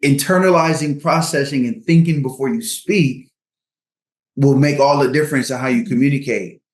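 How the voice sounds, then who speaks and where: A man's voice: mid-range voice, moderate pace. Male podcast guest, earnest advice-giver, mid-range voice, recorded in a roomy, echoey space. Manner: earnest, uses sports analogies.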